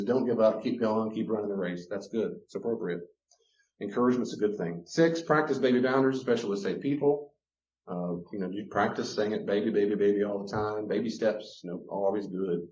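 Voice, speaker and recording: A man's voice: on the low side, fast talker, a little mellow. A man teaching about relationships, acting out quoted voices and chuckling often. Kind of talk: teaching talk with acted-out examples. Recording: roomy, dull lo-fi recording.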